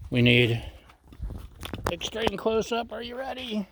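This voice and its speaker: A man's voice: fairly high pitch, expressive, slow pace, long pauses, background noise. A man casually demonstrating his cooking on a griddle, chatty and self-deprecating, tasting as he talks. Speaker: cooking vlogger.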